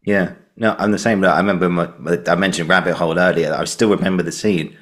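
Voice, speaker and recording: Kiwi guy hosting a podcast, real deep voice, loose and rambly, lots of ums. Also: fairly even intonation, fast, fairly bright tone. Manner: rambling, loose storytelling with many fillers. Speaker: podcast host. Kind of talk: casual interview chat.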